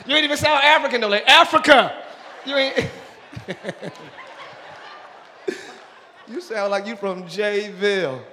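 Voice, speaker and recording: A man's voice: high-pitched, measured pace, pauses often, pushed and bright. A male pastor talking playfully with his congregation during a live church service, joking and welcoming visitors. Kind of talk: live sermon crowd work. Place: large church auditorium. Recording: live church hall with crowd noise.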